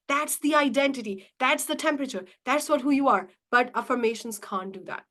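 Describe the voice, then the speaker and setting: A woman coaching a live online session, animated and emphatic, firing rhetorical questions at her audience and repeating her key points. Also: sits high, a little fast, hardly any pauses. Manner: acts out inner voices dramatically. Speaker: money mindset coach.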